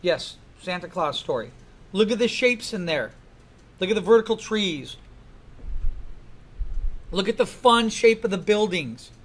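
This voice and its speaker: Animated man lecturing a class, high voice. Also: unhurried, long pauses. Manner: animated, asks the class many questions. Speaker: art instructor.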